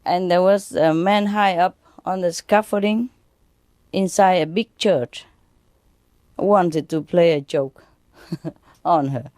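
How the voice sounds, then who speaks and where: A woman spiritual teacher tells jokes to an audience without hurrying, often laughing at her own punchlines and restarting phrases. Her voice is fairly low and a little mellow, and the recording is dry.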